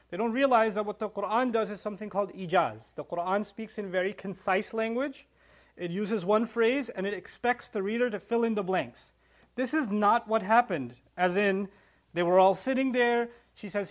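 Brief: high-voiced man, quick animated scripture teacher who acts out the story. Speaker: religious teacher. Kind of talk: scripture lesson.

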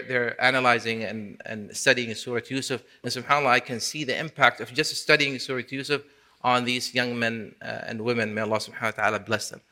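A man delivers a mosque sermon with passion, his tone bright and his voice at a middling male pitch. He builds toward emphatic, forceful peaks and recites Quranic Arabic along the way. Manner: impassioned, rising to emphatic peaks. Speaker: imam.

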